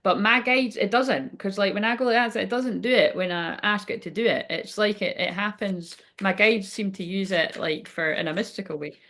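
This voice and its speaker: A woman leads a relaxed live card reading. She sounds cheerful and talkative, and she speaks directly to the people watching. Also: medium pitch, normal speed, hardly any pauses. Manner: chipper and chatty, talking straight to viewers. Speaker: spiritual card reader.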